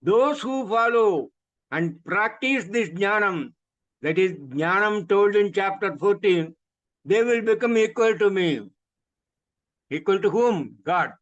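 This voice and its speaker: A man with an Indian English accent and a fairly high voice teaches scripture in an emphatic way. He goes back over his points and keeps asking rhetorical questions. The sound is dull and muffled, as on a video call. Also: lively intonation, takes it slowly. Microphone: video call microphone.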